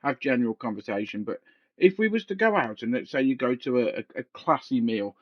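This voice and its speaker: A man's voice: medium pitch, animated, brisk, no echo, lo-fi sound. A man hosting a casual podcast chat, rambling and joking with frequent laughter. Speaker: podcast host. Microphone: headset.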